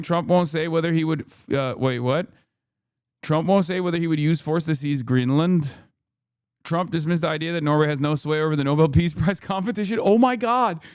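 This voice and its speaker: A man hosting a live news reaction stream, talking casually and incredulously in an animated rant. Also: on the high side, clean tone, no room sound, studio quality. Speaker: streamer host.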